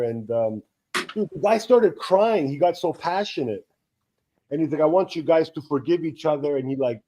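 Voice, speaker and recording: On a relaxed live co-stream, a co-host in his thirties with a voice on the high side spins rambling anecdotes, acting out everyone he quotes. The recording is rough.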